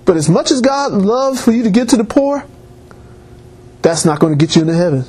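Animated, husky-voiced male preacher. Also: high voice, fairly quick. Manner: animated preaching, rising emphatic peaks. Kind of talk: sermon.

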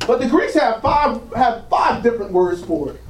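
A man's voice: very high-pitched, animated, normal speed, far from the mic. A man preaching a sermon in a church, peppering his points with "praise God" as the congregation answers amen. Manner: punctuates lines with "praise God", drawing call-and-response. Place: church sanctuary. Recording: roomy, from the mic.

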